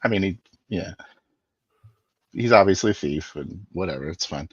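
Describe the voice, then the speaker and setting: A man haggling in character at a tabletop game, persuasive and full of fillers. His voice is very deep. The sound is slightly dull and dry. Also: expressive, normal speed, slightly rough, no room sound. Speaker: player. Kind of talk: in-character tabletop role-play.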